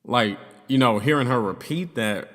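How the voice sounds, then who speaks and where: A man's voice: mid-range voice, moderate pace, a bit bright. A young man casually telling a personal story, loose and profane, with lots of fillers. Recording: long reverb, hollow room sound.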